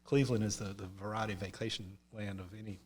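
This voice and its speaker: A man's voice: lowish voice, quick pace. A man from North Carolina, a podcast guest telling humorous stories in casual chat and acting out the voices he quotes. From North Carolina, US South. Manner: animated, humorous storyteller who acts out quoted voices.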